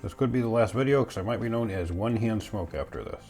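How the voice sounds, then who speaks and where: A fast-talking man with a darkish, lowish voice hosts a casual home cooking vlog over soft background music. He bakes and snacks, chewing while he speaks, joking and chattering to himself.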